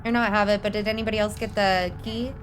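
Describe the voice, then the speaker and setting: A woman's voice: mid-range voice, fairly even intonation, fast talker. A young woman streaming a game live, chatting casually, swearing and thanking her chat. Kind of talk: live gameplay commentary.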